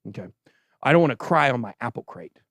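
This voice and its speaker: Guy hosting a crypto stream, sarcastic, pitch bouncing all over, dry close sound. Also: fast talker, no room sound. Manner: animated and sarcastic, chatting with a co-host and live chat. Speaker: crypto show host. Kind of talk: casual livestream market commentary. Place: show studio stage.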